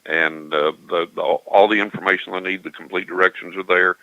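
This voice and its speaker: An older man with a West Texas accent, giving calm, reassuring psychic readings on a call-in radio show. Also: sits low, a little fast, no room sound, highs cut off. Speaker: psychic medium guest.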